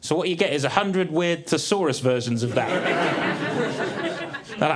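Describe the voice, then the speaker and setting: A man in his thirties doing a stand-up comedy set on a theatre stage, with a dry, deadpan delivery. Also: a little high, unhurried. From England. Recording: live theatre with crowd laughter. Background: audience laughter.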